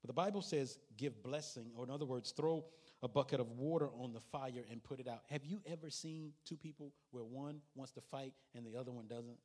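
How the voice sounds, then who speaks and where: A man's voice: mid-range voice, darkish tone. A male pastor preaching a sermon in a folksy, conversational way, with asides to the congregation.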